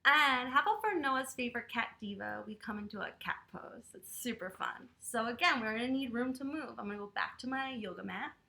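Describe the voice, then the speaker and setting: A woman reading a picture book aloud to children and leading yoga poses, speaking to them in an animated, playful way. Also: a little high, brisk, gravelly, hardly any pauses. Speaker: children's storyteller and yoga teacher.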